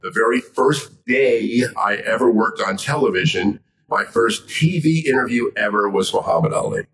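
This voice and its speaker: Older man, gravelly voice, animated storyteller, a bit off-mic. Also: on the low side, normal speed, recorded from a distance. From Miami, Florida. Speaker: guest, sports interviewer. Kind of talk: storytelling in a chat.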